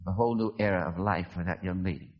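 A man's voice: quick pace, husky, muffled recording. A man preaching as a pastor, telling a story dramatically and acting out the voices of the people in it. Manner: dramatic, acts out quoted voices with big pitch swings. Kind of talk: sermon storytelling.

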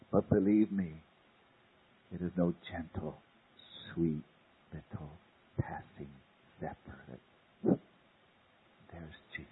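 Man, preacher, sermon, husky voice, slow deliberate delivery, big swings from loud to hushed, tinny phone-like old tape. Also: low-pitched.

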